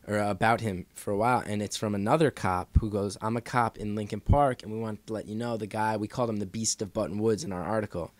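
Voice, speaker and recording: A man's voice: fairly low pitch, no room sound. A man telling a long story in a casual podcast chat, acting out the people in it. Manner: animated, acts out quoted voices. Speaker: podcast guest.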